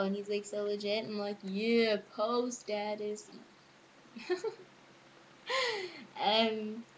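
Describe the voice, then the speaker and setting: A woman's voice: mid-range voice, a little hiss or hum, poor audio. A teenage girl chatting casually to camera as a vlogger, rambling and giggly. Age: teens. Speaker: student vlogger.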